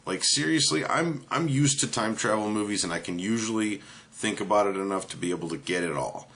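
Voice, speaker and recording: A man's voice: fairly low pitch, fairly bright tone. A man giving a casual, ranting movie review, blunt and profane, with many filler words.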